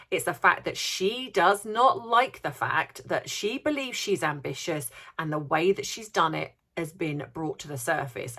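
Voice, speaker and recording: A woman's voice: on the low side, fairly bright tone. A woman vlogger giving opinionated commentary, indignant and sarcastic, firing off rhetorical questions and repeating words for emphasis.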